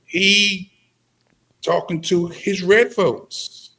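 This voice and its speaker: A man joins a livestream discussion as a guest, his voice fairly high. He talks at a slow, unhurried pace and puts questions to the others. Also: steady tone, sharp tone. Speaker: stream guest. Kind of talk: casual discussion.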